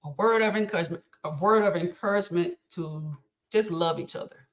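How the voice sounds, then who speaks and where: A woman's voice: lowish voice, brisk. A middle-aged woman speaking as a podcast guest, talking earnestly about faith and encouragement with frequent ums. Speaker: podcast guest, host's mother. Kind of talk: casual chat.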